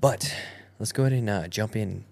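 A woman's voice: extremely low pitch, moderate pace, creaky, a little mellow. A woman co-hosting a podcast in casual chat, goofy and rambling, with many fillers and restarts. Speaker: podcast co-host.

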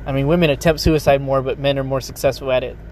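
A man's voice: mid-range voice, steady tone, fast, darkish tone, slight background noise. A young man, a rapper, delivering a bitter, profane rant full of sarcasm and mocking impressions, recorded outdoors near a road. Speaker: rapper and vlogger. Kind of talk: ranting monologue.

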